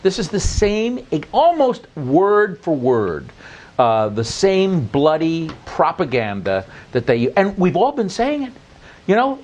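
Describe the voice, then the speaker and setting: A man speaking as a guest on a political panel, halting and stammering. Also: high voice, big pitch swings, darkish tone.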